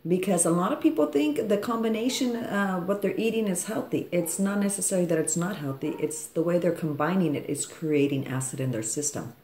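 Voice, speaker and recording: A woman's voice: on the low side, fairly quick, hardly any pauses, dark tone. A woman astrologer and life coach giving a casual forecast. She rambles and keeps checking in with her listeners by asking "okay?". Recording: echoey room.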